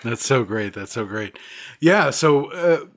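A man speaks as a guest with a voice of ordinary middle pitch. He tells his stories in a lively, animated way and laughs often. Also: slow. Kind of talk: conversational storytelling.

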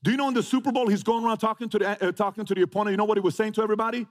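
A man's voice: high-pitched, fairly even intonation, racing. A man giving a motivational talk, emphatic, repeating phrases and firing rhetorical questions. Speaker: motivational speaker. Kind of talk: motivational talk to a live audience.

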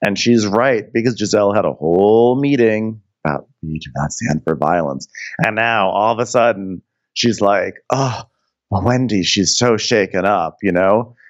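A man's voice: fairly low pitch, moderate pace, dry recording, dull audio. A man co-hosting a podcast, recapping a reality show in gossipy casual chat with dramatic impressions. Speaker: podcast co-host.

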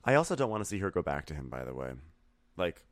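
A man co-hosting a casual recap show, rambling with lots of fillers and acting out quotes in a high put-on voice. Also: sing-song, fast, no echo. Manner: rambling, filler-heavy, acts out quotes in a falsetto. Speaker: podcast co-host.

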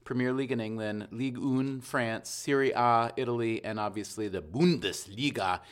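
A man's voice: mid-range voice, normal speed, clear, resonant tone. A middle-aged father co-hosting a casual podcast chat, joking and self-deprecating. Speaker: co-host.

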